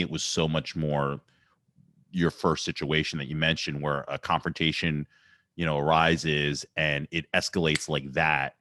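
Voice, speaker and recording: A man's voice: extremely low pitch, fairly bright tone, no room sound. A man hosting a podcast, chatting casually in long, rambling sentences. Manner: rambling, loose phrasing. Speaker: podcast host. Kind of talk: casual chat.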